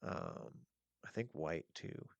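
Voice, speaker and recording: A man as a podcast guest, telling an eerie story in a casual, animated, profane and rambling way. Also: slow pace, no room sound.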